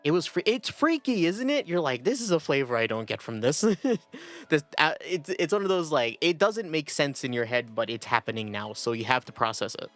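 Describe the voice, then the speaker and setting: A young male streamer chats casually on a livestream, rambling, putting himself down, and often bursting into laughter. His voice is on the high side, expressive and fairly bright, at a normal speed, with soft music in the background.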